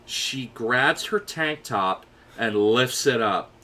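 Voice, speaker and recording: A young man in his twenties co-hosting a casual podcast, telling a long story with lively acted-out quotes. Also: mid-range voice, slow. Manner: animated storyteller, acts out quoted voices. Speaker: podcast co-host.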